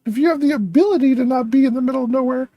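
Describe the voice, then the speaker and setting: A woman hosting a reaction video, thinking aloud with excitable chatter and frequent laughs. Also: high voice, rapid-fire, no room sound, muffled recording.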